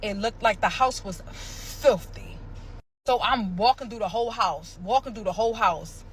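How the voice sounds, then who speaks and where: A woman from the area, telling a dramatic personal story in a casual, animated way. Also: mid-range voice, normal speed, slight background noise. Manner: animated, dramatic retelling with sound effects and quoted voices.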